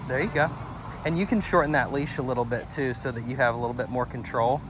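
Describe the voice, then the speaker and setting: A man working as a dog trainer, coaching an owner outdoors with calm instructions and frequent praise. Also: medium pitch, quick pace, noisy background. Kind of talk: hands-on coaching. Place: outdoors at a house doorway and yard.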